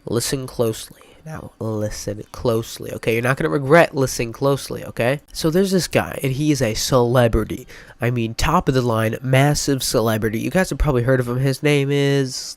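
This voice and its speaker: A man's voice: medium pitch, dry recording. A young man with a stuffy nose telling a rambling, mock-dramatic storytime vlog, full of filler words. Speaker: YouTuber.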